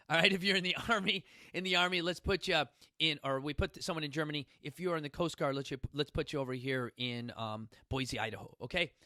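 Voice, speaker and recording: Chicago guy hosting a talk show, bright voice, kinda high, dry close sound, jokes and swears. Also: dry recording. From Chicago, United States. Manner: rambling, joking, blunt and profane. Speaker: host. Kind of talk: casual motivational talk.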